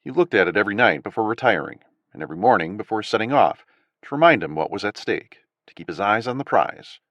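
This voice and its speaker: A man narrating an audiobook in an expressive, varied storytelling manner. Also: lowish voice, fast talker, no room sound, highs cut off. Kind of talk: scripted narration.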